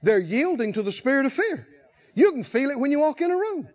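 A man preaching a sermon as pastor, shifting from soft talk to loud, shouted exhortation with laughs. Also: very high-pitched, big pitch swings, a little fast, highs cut off.

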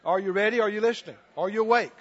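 Male preacher, high voice, emphatic and repetitive, long hall echo on a muffled recording. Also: racing. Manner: emphatic, repetitive, laughs often. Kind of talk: sermon.

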